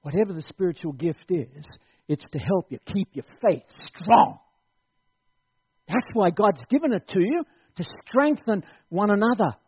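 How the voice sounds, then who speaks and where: A man's voice: high-pitched, expressive, unhurried, slightly rough, lo-fi sound. A man preaching a sermon at a church service, exhorting his congregation and laughing often as he talks.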